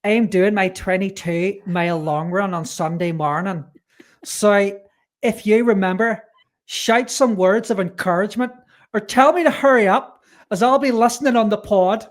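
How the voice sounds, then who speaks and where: A man's voice: sits high, normal speed, close to an everyday voice. A man putting on a Northern Irish lilt. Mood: playful. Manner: playful, exaggerated reading. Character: man with a put-on Northern Irish accent reading a message.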